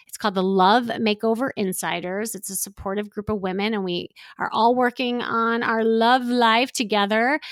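A woman hosting an advice podcast, talking in a relaxed coaching tone full of "you know" and "like". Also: on the high side, dry recording, studio quality. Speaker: podcast host and dating coach.

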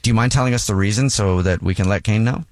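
A man's voice: on the low side, fast, heavy background noise. A man hosting a radio show phone segment, friendly and laughing easily. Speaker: radio host.

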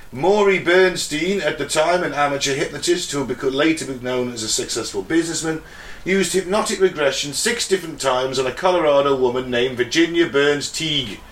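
An Englishman with a slightly high, somewhat quick and fairly bright voice co-hosts a podcast in an echoey room. In casual chat, he reads a case from his notes, then riffs on it, laughing often with his friends.

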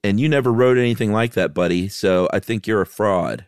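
A man's voice: fairly low pitch, fairly quick, clean tone, no room sound, studio quality. A man co-hosting a casual podcast, bantering wryly and teasing his partner. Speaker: podcast co-host. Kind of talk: casual chat.

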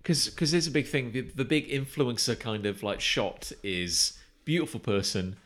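A man's voice: medium pitch, normal speed. A man co-hosting a casual podcast, telling stories with animation and big laughs. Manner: animated storyteller, laughs loudly. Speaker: podcast co-host. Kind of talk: casual chat. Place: recording room.

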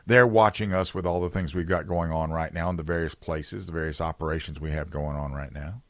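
A man hosting a political talk radio show, talking emphatically with loud bursts, low asides and many restarts. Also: fairly even intonation, a little fast, no echo.

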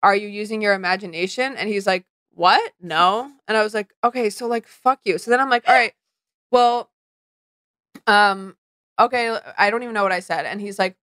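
Young woman chatting on a podcast, says like a lot, bright voice, dry mic. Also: mid-range voice, clean tone, dry recording. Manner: animated, fast storytelling with lots of "like". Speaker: podcast co-host. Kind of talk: casual chat, storytelling.

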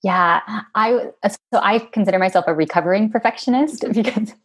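A woman's voice: mid-range voice, a little fast, breathy edge. A woman guest in an interview, talking in a reflective, casual way with many fillers.

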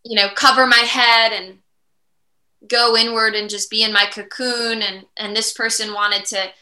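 Bright, reflective woman guest in an echoey room. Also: on the high side, normal speed. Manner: reflective, animated, mimics inner voices. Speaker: podcast guest. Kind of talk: conversational interview.

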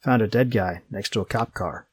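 A man's voice: lowish voice, moderate pace, husky, no echo. A man voicing a guilty dying young man who speaks weakly in broken short phrases. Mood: weak, pained.

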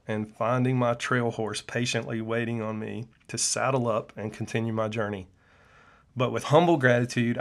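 A middle-aged man, a clinician hosting his own show, speaking in an earnest, preachy personal monologue with frequent "uh" fillers. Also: mid-range voice. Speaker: podcast host and functional medicine clinician.

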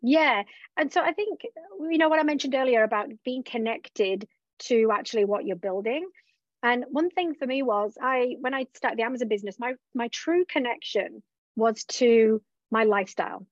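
A woman's voice: on the high side, normal speed, no room sound. A woman business coach being interviewed, talking openly and reflectively about her own journey, often voicing her own past thoughts aloud. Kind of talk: candid conversational interview. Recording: dull, dry lo-fi recording.

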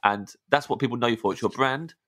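A man's voice: medium pitch, fast talker, fairly bright tone, close to an everyday voice. A man voicing a mischievous male genie of the graveyard who makes teasing, mock-solemn pronouncements. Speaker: podcast guest.

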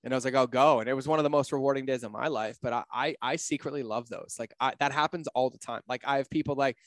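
A man talking casually on a podcast, blunt and animated, swearing freely and acting out his own quotes. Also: fast, few pauses, no echo. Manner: acts out his own quotes with big pitch jumps.

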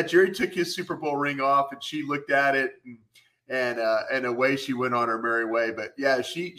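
A man's voice: mid-range voice, bright, forceful tone. A middle-aged man, a former football scout and co-host, telling rambling anecdotes full of fillers. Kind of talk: casual storytelling.

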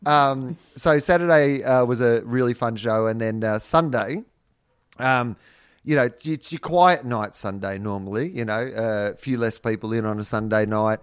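A man's voice: medium pitch, moderate pace, clear, resonant tone, no echo, clean studio sound. An Australian man in early adulthood, a comedian co-hosting a podcast, telling a long story with swearing and laughter. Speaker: podcast co-host and stand-up comedian. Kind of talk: casual chat.

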